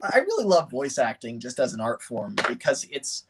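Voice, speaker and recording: A man streaming a casual chat, excited and animated, laughing often and slipping into voices. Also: mid-range voice, normal speed, crowd noise, low-quality recording.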